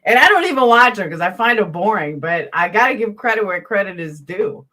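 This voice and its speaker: Brisk and sharp-toned, her medium-pitched voice full of lively intonation, a woman with a Southern accent rants to her YouTube live chat. The casual commentary is blunt, profane, and heated.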